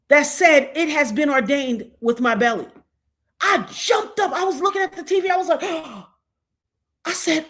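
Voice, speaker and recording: A woman in her forties, vlogging at home and telling a personal story with big emotional swings, from hushed to excited shouting. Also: high-pitched.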